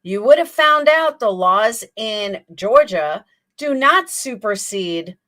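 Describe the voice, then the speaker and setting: Slow, bright-voiced sarcastic woman. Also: mid-range voice, expressive. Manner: sarcastic, mocking, reads text aloud slowly. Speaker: commentary channel host. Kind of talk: scornful reaction commentary.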